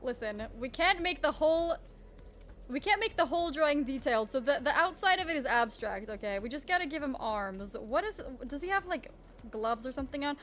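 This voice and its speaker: A woman's voice: high voice, lively intonation, fairly quick, a bit bright. A woman streamer chatting casually while she draws, self-mocking and full of trailing restarts. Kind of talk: casual live-stream chat while drawing.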